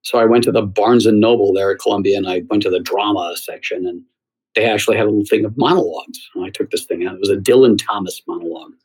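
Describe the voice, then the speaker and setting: A middle-aged man with a slightly low, husky voice recounts a story in an interview. He talks in a lively way, often stopping to restart a sentence. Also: fast talker, low-quality recording. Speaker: theater columnist and former talk show host. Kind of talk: anecdotal interview answer.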